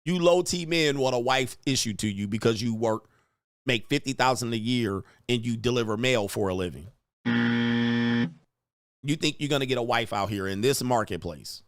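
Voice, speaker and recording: A man hosting a commentary show, ranting bluntly and mockingly, with profanity and quick mimicked voices. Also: mid-range voice, expressive, no echo, studio quality. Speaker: host. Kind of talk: casual commentary rant.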